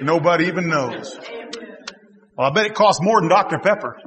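Animated high-voiced preaching man in a hall. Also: brisk. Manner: animated preaching, rising to shouts, with laughs and asides. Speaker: pastor. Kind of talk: sermon. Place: church hall.

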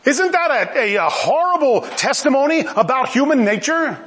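Male preacher, high-pitched, animated and emphatic, sermon delivery with playful asides. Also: normal speed.

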